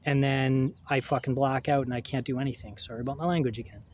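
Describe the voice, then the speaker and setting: Halting man rambling to camera. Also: medium pitch, fairly even intonation, darkish tone, slight background noise. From Canada. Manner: halting, rambling, with frequent swearing and restarts.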